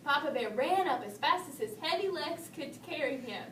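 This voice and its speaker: A woman reading a children's story aloud, expressive, lifting her voice for the bears. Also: normal speed, far from the mic. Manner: expressive read-aloud, raising pitch for the bears' lines. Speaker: storybook reader. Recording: echoey room, voice from off-mic, faint hiss.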